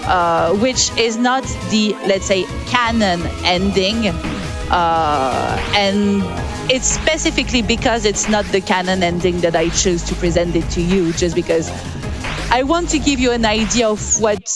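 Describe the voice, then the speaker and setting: A woman speedrunner talking live as she plays, enthusiastic but halting, with many fillers and restarts. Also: mid-range voice, expressive. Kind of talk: live commentary while playing. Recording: game music behind the voice. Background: game music.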